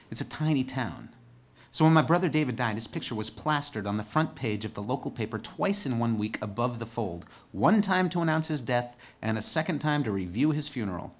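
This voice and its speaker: A man from northern California performing a theatrical storytelling monologue with dark, sardonic humor, moving between hushed, somber delivery and loud, emphatic bursts. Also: mid-range voice. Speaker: solo stage performer.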